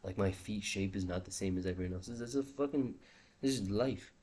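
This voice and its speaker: A man's voice: fairly low pitch, a little fast, darkish tone, husky. A young man talking in a rambling, musing video journal, swearing casually and often trailing off mid-thought. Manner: restless, trails off and restarts. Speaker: vlogger.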